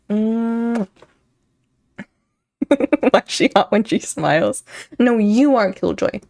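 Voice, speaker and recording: A woman's voice: a little high, animated, very slow, long pauses, darkish tone. Giggly, chatty young woman streamer. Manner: giggly, laughs often, rambling. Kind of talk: casual chat with live chat.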